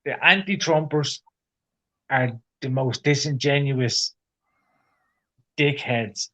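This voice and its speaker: A man's voice: medium pitch, slow, sharp tone, low-quality recording. A man co-hosting a casual podcast, ranting opinionatedly and swearing. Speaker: podcast co-host. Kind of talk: casual chat.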